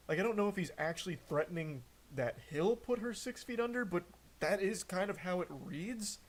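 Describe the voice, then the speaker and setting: A man streaming live, mocking and picking apart text messages as he reads them aloud, swearing often. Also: a little high. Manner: incredulous, mocking commentary with frequent swearing. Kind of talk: live-stream reaction commentary.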